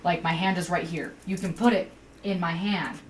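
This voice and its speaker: A woman co-hosting a podcast, telling a work story in casual chat, swearing freely and jumping up in pitch when she quotes herself. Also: fairly even intonation, moderate pace, distant mic, slight background noise, poor audio. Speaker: podcast co-host.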